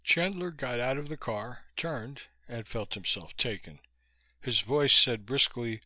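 A man narrating a novel in steady, scripted storytelling. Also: mid-range voice, measured pace, no echo. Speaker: audiobook narrator.

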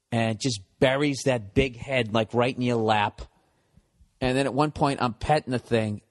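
A man's voice: mid-range voice, big-room sound. A man hosting a solo podcast, telling stories in a profane, self-mocking ramble. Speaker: podcast host.

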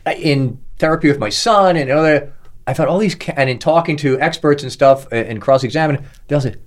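Pitched on the high side and moving along fairly quickly, this middle-aged podcast co-host keeps things casual. His storytelling comes with impressions of the people he's quoting.

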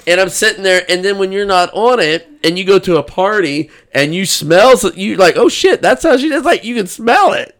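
A man talking as a guest on a casual podcast, telling animated stories and swearing freely. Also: high-pitched, moderate pace, hardly any pauses, dry recording, studio quality.

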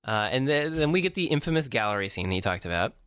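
Male co-host, casual film review, halting delivery, dead-dry close mic. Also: medium pitch, very animated, a bit bright, clear, resonant tone, dry recording. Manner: hesitant, lots of fillers, dry asides. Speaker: podcast co-host. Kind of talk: casual movie-review chat.

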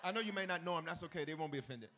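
A man preaching a sermon as pastor, leading call-and-response with his congregation and swelling into shouted, half-sung cadences. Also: on the high side, rapid-fire. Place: church service.

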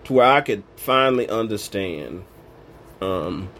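A man's voice: lowish voice, expressive, measured pace, fairly bright tone, a little hiss or hum. A man giving an informal sermon, preaching in an emphatic, colloquial way. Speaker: Bible teacher.

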